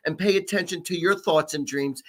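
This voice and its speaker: A man voicing a gentle husband's spirit. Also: a little high, a little fast, voice pushed up, lightly acted. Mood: reassuring. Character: gentle departed husband spirit, male, older.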